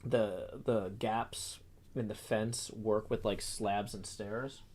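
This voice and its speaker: Male host, relaxed stream chat, deadpan jokes, slow thoughtful delivery. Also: on the low side. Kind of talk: casual chat while drawing.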